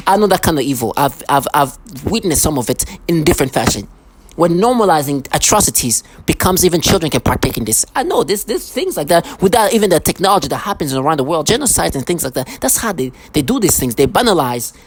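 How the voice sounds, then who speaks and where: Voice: medium pitch, husky, poor audio. A vlogger in an angry, threatening monologue who often repeats and restarts words.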